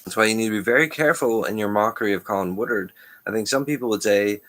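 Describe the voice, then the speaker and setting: A man talking in a loose, rambling monologue, jumping between ideas with restarts and quick chuckles. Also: fairly low pitch, a bit bright. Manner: stream-of-consciousness, restarts, frequent chuckles. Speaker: channel host.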